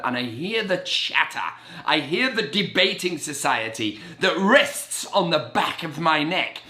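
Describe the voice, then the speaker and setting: Brief: middle-aged man, motivational talk, high-energy and caffeinated, bright edge, recorded in a roomy indoor space. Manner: animated and energetic, self-described as very caffeinated; acts out his own inner voices in quoted asides. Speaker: real estate agent. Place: indoor room with a blackboard on the wall. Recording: roomy echo.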